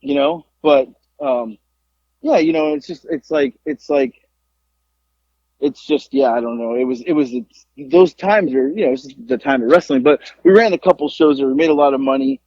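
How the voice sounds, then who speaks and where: A man co-hosting a podcast, telling a wrestling story in casual chat, animated and profane, rambling with lots of fillers. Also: medium pitch, moderate pace, dull audio. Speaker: podcast co-host, former wrestler.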